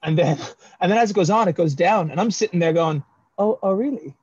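A slightly high-voiced man talks over a video call, and the audio sounds dull and lo-fi. He is chatty and self-deprecating, laughs a lot, and often restarts his words. The sound is dry and close, with no room echo. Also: fast, a little mellow, husky. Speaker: self-published fantasy author, guest. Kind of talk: casual video-call interview.

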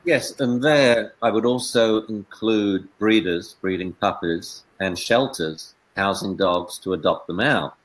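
A man who trains dogs, a guest on an interview show, telling stories with expressive swings from hushed to emphatic. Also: fairly low pitch, a little slow, few pauses, rough recording. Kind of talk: animated storytelling in interview.

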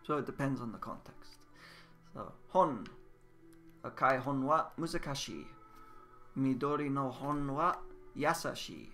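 A man giving a casual, patient Japanese lesson, repeating words and drilling them slowly. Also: medium pitch, lively intonation, bright, forceful tone, faint music behind. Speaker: Japanese language teacher. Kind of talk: casual spoken language lesson. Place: indoors at a computer, game voice chat.

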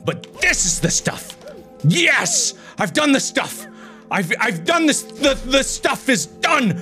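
A man doing frustrated gaming commentary, swinging from low mutters to sudden yelling as he plays. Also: very animated, slow pace, faint music behind. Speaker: gaming video host.

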